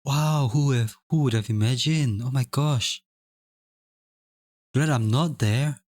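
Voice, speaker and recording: A young Singaporean man chats casually on a live stream in a mid-range, darkish voice, speaking slowly. He reads the chat aloud, rambles, repeats phrases and chuckles often. The recording is dry and studio quality.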